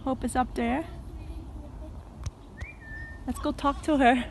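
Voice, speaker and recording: A woman vlogging in an open park outdoors who calls out loudly and laughs often. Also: high-pitched, steady tone, takes it slowly, a little hiss or hum. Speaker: vlogger with a pet parrot. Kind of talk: casual outdoor vlog.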